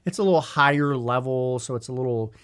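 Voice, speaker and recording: A man's voice: mid-range voice, fairly quick, fairly bright tone, clean tone. A man in his thirties co-hosting a leadership podcast, talking in a thoughtful, rambling way with many restarts. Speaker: podcast co-host. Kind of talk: casual leadership podcast chat.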